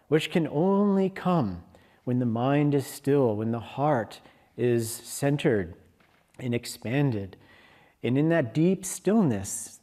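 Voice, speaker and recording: A man giving a Sunday service talk, telling a parable in a slow storytelling manner. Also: medium pitch, dark tone. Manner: slow, storytelling, briefly acting out lion and sheep voices. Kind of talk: sermon with a told story. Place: hall of a spiritual community.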